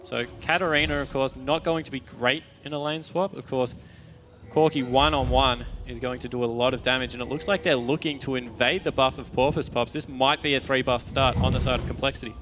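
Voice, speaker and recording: A man with an Australian accent, commentating a video game match on a headset and calmly explaining the mechanics in detail. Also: mid-range voice, brisk, noisy background. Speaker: esports caster. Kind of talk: play-by-play commentary.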